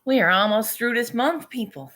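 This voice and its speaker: A woman's voice: fairly high pitch, lively intonation, moderate pace, a bit bright, a little hiss or hum. A woman chatting casually to her viewers in a morning vlog, swearing and laughing often as she talks. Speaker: vlogger.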